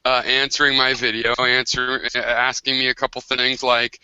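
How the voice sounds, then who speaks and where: A man's voice: medium pitch, flat delivery, normal speed, few pauses, pushed and bright, clean tone, lo-fi sound. An American man hosting a casual online group discussion, talking in long rambling turns with many restarts. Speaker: host of an online hangout.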